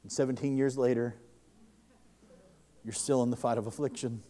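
A man preaching a sermon to a congregation, fervent, and his voice rises loud when he quotes others. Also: mid-range voice, fairly even intonation, normal speed.

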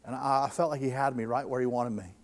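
A man preaching a sermon to a congregation, fervent, and his voice rises loud when he quotes others. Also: medium pitch, fairly even intonation, fast.

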